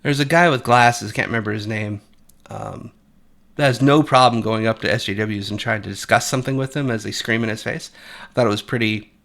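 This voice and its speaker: A man's voice: mid-range voice, creaky, sharp tone. A man giving blunt, profane, opinionated commentary, rambling with frequent restarts. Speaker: commentary channel host.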